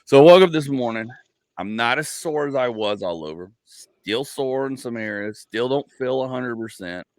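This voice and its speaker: A man's voice: medium pitch, lively intonation, normal speed, darkish tone, no room sound. A man in his forties hosting a casual comedy podcast, telling rambling stories full of "like" and acted-out asides. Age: 40s. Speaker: podcast host.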